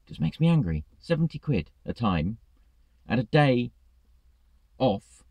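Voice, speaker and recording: A man's voice: mid-range voice, sing-song, measured pace, no echo, muffled recording. A man, a truck driver, ranting in a vlog, exasperated and swearing freely.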